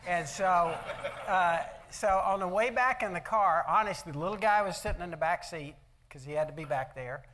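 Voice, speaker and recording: A man's voice: sits high, moderate pace, a bit bright, a little hiss or hum. An older man giving a motivational talk at an event, telling folksy personal stories and asking the audience rhetorical questions. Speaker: speaker at an event. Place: event hall.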